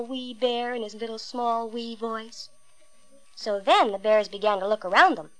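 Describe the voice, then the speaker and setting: A woman with a high voice reads a classic fairy tale aloud. Her storytelling is expressive and emphatic, pressing on the key words. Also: measured pace, a little hiss or hum, rough recording.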